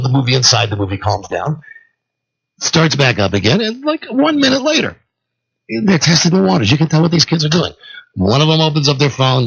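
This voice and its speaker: A male talk radio host telling a long story solo, animated and acting out the people in it, on a dull lo-fi radio broadcast. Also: medium pitch, a little fast, vocal fry, breathy edge.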